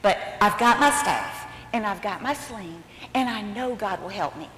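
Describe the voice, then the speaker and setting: A woman's voice: medium pitch, expressive, normal speed, a bit bright, slight background noise, close to an everyday voice. Woman as a fiery, faithful boy hero, earnest, echoey room. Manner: indignant and earnest. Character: brave faithful young shepherd boy.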